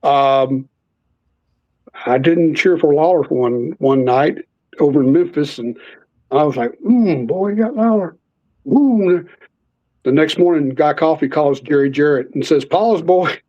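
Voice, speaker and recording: A man telling stories in a casual interview, animatedly acting out the voices of people in them. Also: fairly high pitch. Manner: animated storyteller, acts out quoted voices. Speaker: podcast guest. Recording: slightly muffled lo-fi audio.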